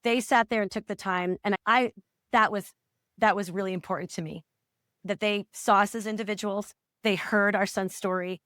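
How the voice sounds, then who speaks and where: Une mère d'une quarantaine d'années, coach parentale, livre son témoignage avec franchise et émotion. Sa voix de hauteur moyenne est enregistrée au plus près, dans un son sec. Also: female voice, medium pitch, fairly even intonation, normal speed, a bit bright, no room sound, studio quality. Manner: earnest and emotional, acts out remembered dialogue. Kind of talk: candid personal storytelling in a podcast interview.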